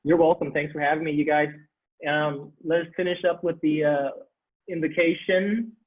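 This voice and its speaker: A man teaching a Sanskrit class online, animated, repeating phrases and laughing as he explains. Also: fairly high pitch, normal speed. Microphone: video call. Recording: tinny video-call audio.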